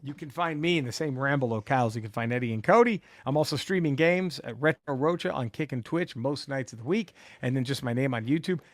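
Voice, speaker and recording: A man's voice: mid-range voice, a little fast, few pauses, dry recording, clean studio sound. A man who is a comedian and podcast co-host, talking in casual chat, profane and emphatic with stammering restarts.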